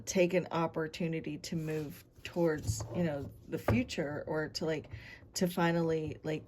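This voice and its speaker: Woman tarot reader, lowish voice, unhurried and rambling, speaking to viewers. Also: vocal fry, noisy background. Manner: meandering, talks straight to viewers. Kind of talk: tarot reading to camera.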